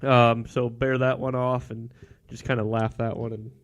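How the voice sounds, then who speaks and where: A man's voice: mid-range voice, level tone, moderate pace. Young guy on a sports podcast, easygoing and teasing, mid-range voice. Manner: upbeat, teasing, plugging the show. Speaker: podcast co-host. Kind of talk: casual sports podcast chat.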